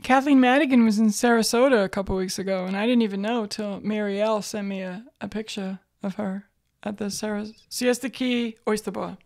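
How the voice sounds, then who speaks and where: A woman's voice: mid-range voice, fairly even intonation, brisk, hardly any pauses, a little mellow. A middle-aged woman co-hosting a comedy podcast, talking casually, bluntly and jokily, with plenty of swearing. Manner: blunt, swears freely, jokey. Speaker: podcast co-host.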